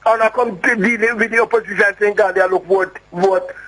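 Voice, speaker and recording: A man's voice: high-pitched, steady tone, moderate pace, pushed and bright, poor audio. Heated Jamaican man calling in. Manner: rambling, heated, repeats himself. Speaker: caller. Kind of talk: phone-in call.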